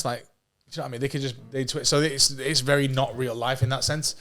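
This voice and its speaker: A man in his thirties, a podcast guest, tells his stories at a quick clip. He talks in a casual, animated way, laughing at his own jokes and swearing freely. His voice sits at a middling pitch. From England. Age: 30s. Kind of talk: casual storytelling.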